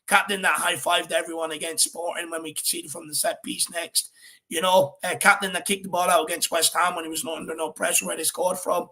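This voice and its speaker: A man's voice: a little high, level tone, a little fast, sharp tone. A man with an Irish accent hosting a football fan show, talking casually and energetically, calling people "my man" and "brother.".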